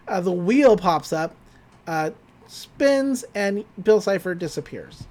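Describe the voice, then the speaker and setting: A woman's voice: mid-range voice, expressive, slow pace, a little mellow. A woman co-hosting a podcast, chatty as she recaps a cartoon episode, laughing often and using plenty of fillers. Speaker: podcast co-host.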